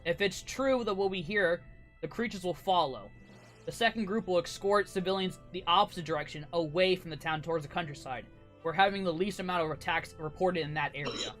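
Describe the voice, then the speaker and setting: A man's voice: high voice, a little fast, fairly bright tone, soft background music. A man voicing a stern older paladin commander who gives solemn, commanding speeches in a tabletop game.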